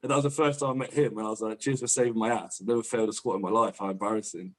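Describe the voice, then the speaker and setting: A young man, a powerlifter guest on a podcast, telling rapid, sweary anecdotes in casual chat. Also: lowish voice, steady tone. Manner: fast, swearing, laughing anecdotes.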